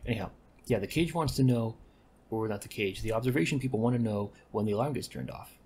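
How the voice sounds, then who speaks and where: A man rambles through casual game commentary, stopping to correct himself and toss off deadpan asides. His voice is low and gravelly, with a faint hiss behind it. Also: quick pace. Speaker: gaming commentator.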